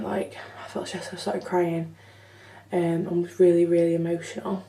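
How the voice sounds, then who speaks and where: A woman's voice: on the low side, little pitch movement, normal speed, creaky, warm tone, a little hiss or hum. A young woman telling her story in a chatty, frank vlog, swearing casually. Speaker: vlogger. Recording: echoey room, slightly far from mic.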